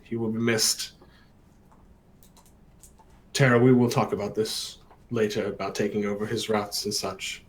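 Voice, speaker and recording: A man's voice: lowish voice, flat delivery, a little slow, long pauses, slight background noise, close to an everyday voice, low-quality recording. A man voicing a tall, broad, courteous human warrior-priest in his forties, who speaks in a polite, formal way. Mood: somber.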